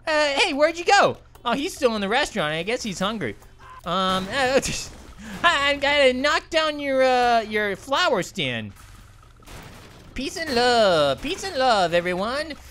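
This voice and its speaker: Giggly high-voiced woman playing a game. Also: a little slow, a little hiss or hum. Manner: excitable, giggly, apologetic to game characters. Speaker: gaming channel host. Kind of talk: let's play commentary.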